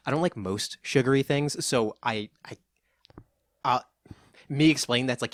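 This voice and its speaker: Casting: young male podcast co-host, laid-back and profane, medium pitch, dry close-mic sound. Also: normal speed, long pauses, no echo. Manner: laid-back, swears often, frequent restarts. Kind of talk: casual chat.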